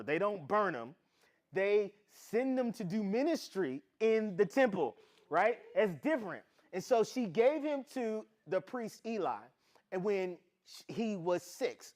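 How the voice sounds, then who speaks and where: A man teaching a casual Bible lesson, retelling the stories in slangy everyday talk and acting out the characters' lines. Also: sits high.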